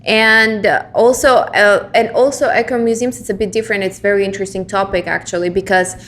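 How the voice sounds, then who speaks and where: A woman co-hosting a relaxed podcast chat, explaining a topic in her mid-range voice. She stops and restarts often, leans on "um" and "uh," and checks in with "right?" and "you know?" A faint noise sits under her voice. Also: medium pitch, fairly quick. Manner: hesitant, with many fillers and restarts. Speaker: podcast co-host. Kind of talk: casual podcast discussion.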